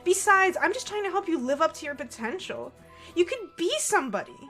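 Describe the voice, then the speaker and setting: A brash, bossy teenage troll girl from a game, loud and pushy, with a valley-girl tilt, as a woman puts her on. The voice sits high and bright and swings widely in pitch. She leans on every line. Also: expressive, brisk, faint music behind, exaggerated voice.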